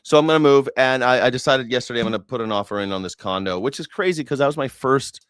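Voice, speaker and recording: A man hosting a news reaction stream who rambles, swears freely and mocks the news with sarcasm. His voice is smooth and clear. It is recorded close and dry, with no room sound. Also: mid-range voice, fast, fairly bright tone, dry recording. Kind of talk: casual livestream commentary.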